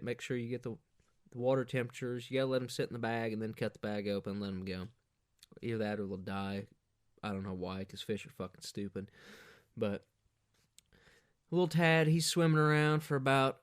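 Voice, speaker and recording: A man hosting a podcast, telling a profane, rambling party story in a casual monologue, jumping up in pitch when he quotes people. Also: clear, resonant tone, dry recording, studio quality. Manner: crude, profane, rambling anecdotes with animated quoted voices. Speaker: podcast host.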